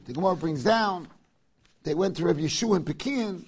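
A man's voice: high-pitched, animated, a little fast, slightly rough. A man with giving a Torah lecture, chanting verses and making joking asides. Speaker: Torah teacher.

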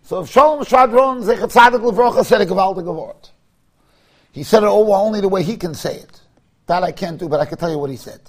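A man teaching a Torah class. He tells stories in an animated way, mixes in Hebrew and Yiddish terms, and rises to emphatic shouts. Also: high-pitched, quick pace.

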